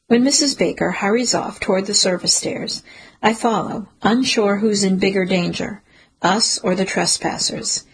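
A woman narrating a first-person suspense story in a steady, measured storytelling manner. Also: mid-range voice, a little hiss or hum, rough recording. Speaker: audiobook narrator.

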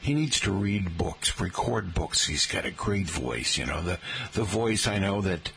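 Older man from the Boston area, low gravelly voice, folksy local radio host who rambles and calls listeners "folks". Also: animated, unhurried, fairly bright tone, a little hiss or hum. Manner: chatty, folksy, keeps saying "folks", many fillers. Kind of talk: rambling morning radio chat.

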